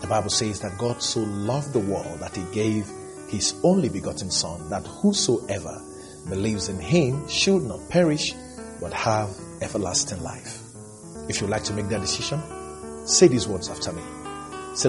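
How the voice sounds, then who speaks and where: A man with a somewhat low voice calmly reads a closing prayer invitation. He speaks in a measured, steady way. Plucked guitar music plays clearly behind him. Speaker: minister leading closing prayer.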